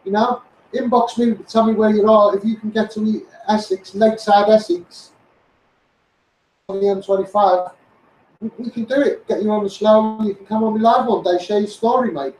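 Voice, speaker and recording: A man with a Liverpool accent hosts a live stream, reading out his viewers' names and talking back to them like mates. His voice sits high for a man. The sound is roomy and echoey, and he is a little way back from the mic. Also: steady tone, moderate pace, darkish tone, far from the mic. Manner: addresses viewers by name, calls them mate.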